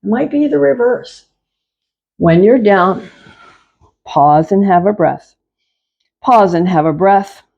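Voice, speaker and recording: A woman leading a chair yoga class, giving calm, repetitive cues to move slowly and breathe. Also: mid-range voice, vocal fry, dull audio. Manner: slow, calm, repetitive cueing. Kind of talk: guided exercise class instruction.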